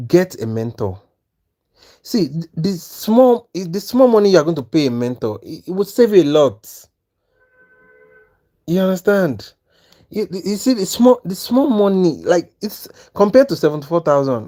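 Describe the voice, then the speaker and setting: Animated man streaming live trades. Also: fairly high pitch. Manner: animated, repeats "you understand?" often, stammers on restarts. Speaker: trading mentor and live-stream host. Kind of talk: live trading commentary.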